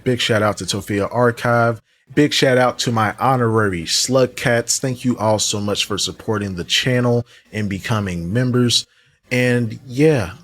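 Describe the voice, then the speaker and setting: A man hosting a reaction commentary show, talking in a casual, slangy way that turns exasperated and mocking. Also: medium pitch. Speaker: commentary channel host.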